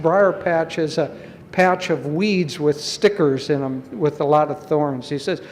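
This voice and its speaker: A man who teaches spirituality, explaining slowly and gently and telling a folk tale to make a point. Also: fairly high pitch. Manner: slow, measured, gently explaining. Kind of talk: spiritual talk with storytelling. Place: college hall.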